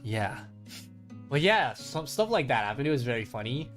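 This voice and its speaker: Animated young man telling a story. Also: mid-range voice, moderate pace. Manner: animated, swearing, acts out friends' voices. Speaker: streamer. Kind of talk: casual storytelling chat with viewers. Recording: faint guitar music behind.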